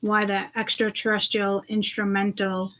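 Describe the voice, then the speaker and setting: A woman's voice: mid-range voice, completely flat delivery, moderate pace, heavy background noise. A woman speaking to her viewers in a loose, rambling monologue, agitated and swearing freely. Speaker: self-described seeress.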